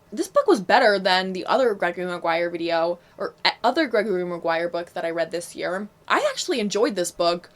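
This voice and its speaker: Chatty young woman reviewing books. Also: medium pitch. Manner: chatty, frank, fillers and asides. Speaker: book vlogger. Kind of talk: casual book review vlog.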